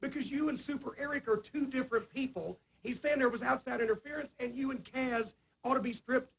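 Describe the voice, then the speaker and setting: Ranting promoter type, very high voice, faint hiss behind, backstage tv segment. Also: male voice, a little fast, creaky, a bit bright, low-quality recording. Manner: ranting, scolding. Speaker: wrestling promoter character.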